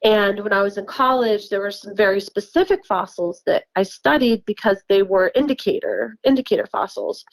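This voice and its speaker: A woman's voice: mid-range voice, normal speed, hardly any pauses, no room sound, low-quality recording. A woman from New York casually telling her story in a chatty way, with frequent laughs, fillers and restarts. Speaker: guest recounting encounters.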